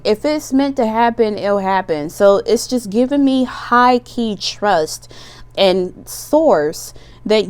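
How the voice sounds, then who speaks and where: Chatty tarot-reading woman, smooth low voice. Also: darkish tone. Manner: chatty, loose and slangy, with laughs and asides. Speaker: tarot reader.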